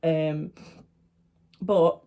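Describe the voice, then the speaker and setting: Young woman, lowish voice, chatty vlog storytelling. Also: extremely slow. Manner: chatty, animated retelling with acted-out quotes. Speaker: vlogger. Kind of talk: casual storytelling to camera.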